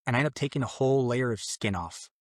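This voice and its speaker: A man's voice: mid-range voice, quick pace, no room sound. Earnest young man telling his story, dry. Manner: earnest, loose and conversational, acting out his own past thoughts. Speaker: podcast guest. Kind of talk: personal conversion story, casual storytelling.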